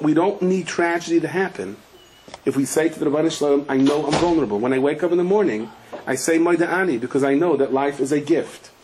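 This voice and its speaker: Animated storytelling rabbi, faint hiss. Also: male voice, a little high. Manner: animated storyteller, acts out voices, shouts in quotes. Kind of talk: Torah lecture with stories. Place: attic room.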